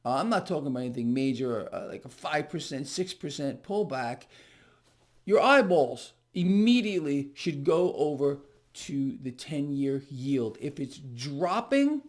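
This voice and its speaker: A man's voice: medium pitch, big pitch swings, unhurried. A man delivering market commentary straight to viewers, emphatic and repetitive, often calling them "people". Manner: emphatic, repeats words, addresses viewers as "people". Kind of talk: direct-to-camera market commentary.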